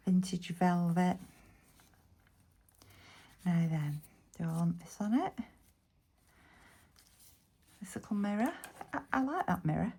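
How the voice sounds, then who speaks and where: Her voice is on the low side and a little mellow: a Bolton woman from Lancashire, a craft vlogger with the local accent. Walking through a crafting tutorial, she talks casually and mutters half-whispered remarks to herself as she goes.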